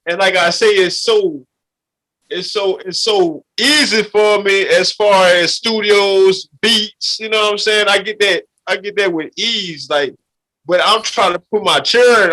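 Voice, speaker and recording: A middle-aged man from Louisiana with a high, bright, ringing voice. He talks in a loose, rambling street style, circling back with "you feel me" as he chats about his life. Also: low-quality recording. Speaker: podcast guest, rapper. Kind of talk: casual chat.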